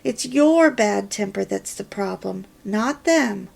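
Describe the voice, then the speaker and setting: A woman's voice: medium pitch, animated, slow pace, gravelly, full character voice. A woman reading the part of a female church friend who gives firm, instructive advice. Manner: instructive, lecturing.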